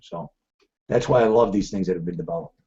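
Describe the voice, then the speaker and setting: A man's voice: low voice, fast, warm tone. Rambling middle-aged male trading host, lo-fi. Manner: rambling, storytelling with many restarts. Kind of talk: live trading webcast chat. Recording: dull lo-fi stream audio.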